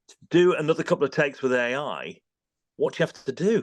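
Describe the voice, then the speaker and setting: A voice-over artist from England talks at a quick pace and medium pitch in a casual interview, his British accent evident in the dry recording. Animated throughout, he acts out studio exchanges in quoted voices.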